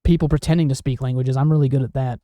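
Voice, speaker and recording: A man co-hosting a casual podcast, joking around and laughing often in quick banter. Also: medium pitch, steady tone, dark tone, dry recording, muffled recording. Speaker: podcast co-host. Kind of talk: casual chat.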